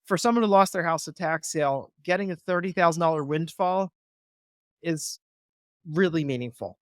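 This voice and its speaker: Persuasive man with a slightly high voice. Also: steady tone, normal speed, clear, resonant tone, no room sound, clean studio sound. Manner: earnest, persuasive, acts out phone calls. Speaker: guest, real estate investor. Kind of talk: interview, conversational explanation.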